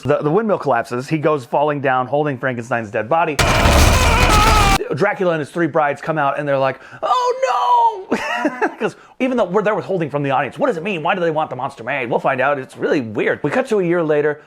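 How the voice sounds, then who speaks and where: Lively joking male movie-review host. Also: fairly high pitch. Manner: animated, joking, acts out movie lines in funny voices. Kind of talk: casual recap and commentary.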